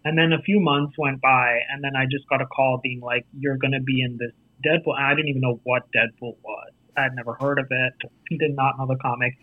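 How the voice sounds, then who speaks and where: A man with an American accent, an actor telling stories about his career in a casual interview, animated and acting out quoted voices. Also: medium pitch, a little fast, dry recording. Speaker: actor and festival jury guest. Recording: tinny phone-like line.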